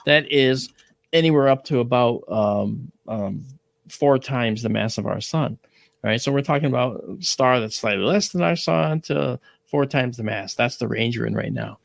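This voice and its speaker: Gravelly man explaining astronomy casually. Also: medium pitch, normal speed, no echo. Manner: explains with analogies, frequent "all right?" check-ins. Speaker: astronomy show host. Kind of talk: casual educational talk.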